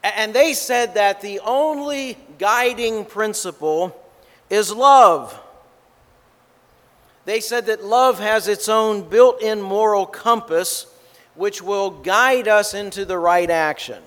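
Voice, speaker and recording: Slow, high-voiced male preacher in a reverberant hall. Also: a bit bright. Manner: measured, emphatic delivery. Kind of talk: sermon.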